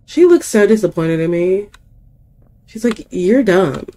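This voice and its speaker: A young woman playing through a horror game, chatting to herself and her viewers in an unhurried, drawn-out way. She pokes fun at her own mistakes and talks straight back to the characters on screen. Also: mid-range voice, sing-song, mellow. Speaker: gaming youtuber. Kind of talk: casual let's-play commentary.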